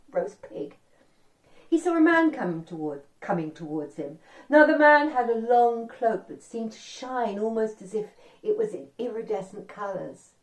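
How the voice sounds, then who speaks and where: A woman tells a folk tale to young listeners, her voice rising and falling in a lively way. She chats with them in asides. She is heard from some distance in an echoey room. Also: medium pitch. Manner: animated, chatty asides to listeners. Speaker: storyteller. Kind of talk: oral storytelling for children. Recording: echoey room, far from the mic.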